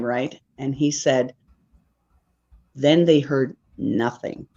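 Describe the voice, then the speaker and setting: A woman's voice: deep voice, a little mellow. A woman, a podcast guest telling a story in a casual, rambling way and often checking in with "right?". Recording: dull lo-fi recording.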